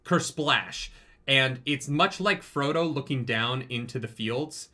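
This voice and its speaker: A man co-hosting a casual book club podcast, recapping chapters in an animated way, swearing and acting out the characters. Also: medium pitch, takes it slowly, noisy background. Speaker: podcast co-host.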